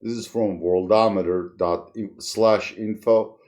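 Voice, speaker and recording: Slow, deep-voiced wry man. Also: fairly even intonation, a little mellow. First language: Turkish. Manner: wry, sardonic, chuckles through serious points. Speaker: channel host, commentator. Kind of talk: solo video commentary.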